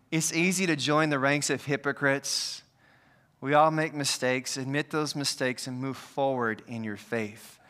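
Male pastor, clear smooth voice, self-deprecating storyteller in the pulpit. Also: fairly high pitch, bright, forceful tone. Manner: storytelling, self-mocking humor. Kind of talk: sermon with personal story.

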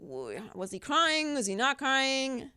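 A woman co-hosting a sports podcast who talks with strong opinions and a lot of emphasis. Her voice sits a little high and swings widely up and down. When she makes a point, she jumps sharply upward. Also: big pitch swings, takes it slowly, pushed and bright, clean tone. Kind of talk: casual sports talk.

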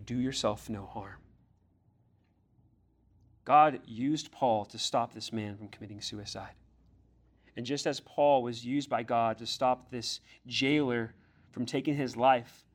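A medium-pitched male pastor gives a sermon to a youth group, earnest and straightforward. He confronts listeners with blunt questions and occasionally voices the characters from scripture.

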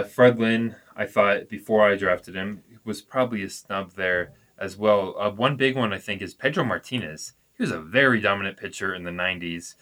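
A man's voice: fairly low pitch, a bit bright. A man co-hosting a sports podcast, talking in an easygoing, rambling way with fillers. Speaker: podcast co-host. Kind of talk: casual sports chat.

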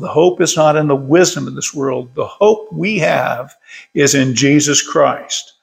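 A man's voice: mid-range voice, gravelly. An older man leading a casual Bible study from his workshop, folksy and chuckling as he tells stories.

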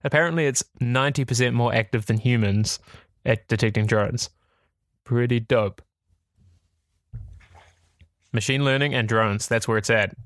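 A man hosting a casual tech podcast from indoors, excitable and laughing often as he talks. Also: mid-range voice, normal speed, dry recording, studio quality. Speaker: podcast host. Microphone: large studio microphone.

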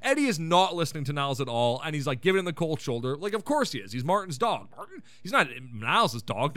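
A man's voice: high-pitched, sharp tone, no echo. A man hosting a podcast, recapping an episode in a casual, irreverent way and swearing freely. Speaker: podcast host.

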